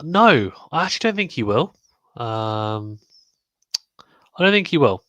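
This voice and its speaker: A man's voice: medium pitch, very animated, unhurried, sharp tone, dry recording. A man with a British accent hosting a live watchalong stream, chatting casually and reading viewer comments aloud.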